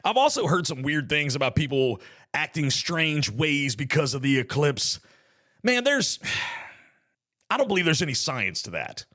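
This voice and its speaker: Male podcast host, bright tone, chatty solo talk with joking asides. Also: fairly high pitch, big pitch swings, unhurried.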